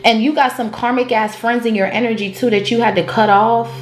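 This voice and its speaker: A woman's voice: fairly high pitch, steady tone, fairly quick. A woman giving a casual tarot reading, blunt and profane, breaking into bits of song. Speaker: tarot reader. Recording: echoey room with faint music.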